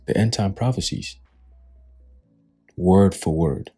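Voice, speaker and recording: A man's voice: sits low, normal speed, mellow, breathy edge, soft background music. A man giving scornful, preachy commentary on the news and reading scripture, swearing freely. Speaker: religious commentator.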